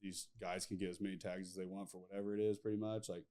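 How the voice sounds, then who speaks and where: A man's voice: sits low, flat delivery, fast talker, warm tone. A man hosting a podcast in casual chat, rambling through stories with lots of fillers. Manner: rambling, filler-heavy, laughs at his own stories. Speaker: podcast host.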